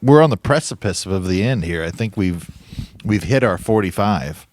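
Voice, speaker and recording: A man's voice: lowish voice, normal speed. Laid-back male co-host, lots of fillers. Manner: relaxed, filler-heavy. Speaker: podcast co-host. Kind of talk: casual chat.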